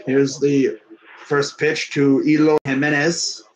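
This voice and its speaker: This fan commentator, a young man whose voice sits slightly above typical male pitch, calls a baseball video game slowly and flatly over a rough recording. He stays loose and chatty, laughing easily and sometimes turning to speak with someone off-mic.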